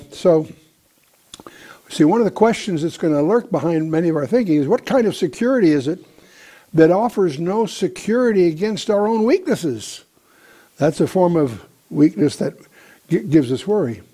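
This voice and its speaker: Bible teacher, male, mellow and slightly high voice, deliberate lecture pace with pauses.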